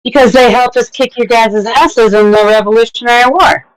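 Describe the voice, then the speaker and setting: A woman's voice: fairly high pitch, moderate pace, dry recording, rough recording. A woman from Southern California, chatting casually with friends and laughing easily. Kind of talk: casual chat among friends.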